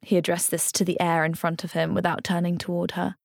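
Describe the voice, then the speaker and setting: A woman narrating an audiobook in a measured, even storytelling manner. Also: lowish voice, creaky, no echo, clean studio sound.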